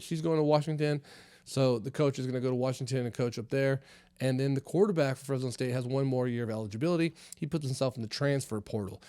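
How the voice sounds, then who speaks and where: Rambling profane podcast host, dry sound. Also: male voice, mid-range voice, dark tone, dry recording. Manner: rambling and profane, many fillers. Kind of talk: casual comedy podcast monologue.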